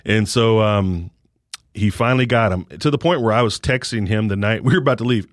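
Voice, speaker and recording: A man's voice: on the low side, brisk, dry recording, clean studio sound. A man who leads a sports ministry, earnestly telling a story in an interview.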